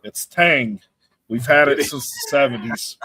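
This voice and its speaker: A man's voice: mid-range voice, lively intonation, measured pace, pushed and bright, slightly rough. A man from the co-hosting a comedy podcast in a laid-back, agreeable way. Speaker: podcast co-host. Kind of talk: casual comedy podcast banter.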